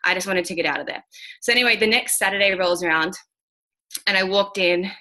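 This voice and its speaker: Speaking a little fast in a mid-range voice that sounds pushed and bright, this woman is a guest on a call, mentoring traders. She gives a candid motivational talk, bluntly and frankly, swearing now and then and using lots of fillers.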